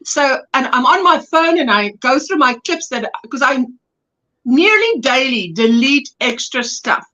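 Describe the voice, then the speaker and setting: High, bright woman, livestream host, warm chatty greetings to viewers, casual home chat. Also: lively intonation, a little slow, dull audio. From South Africa.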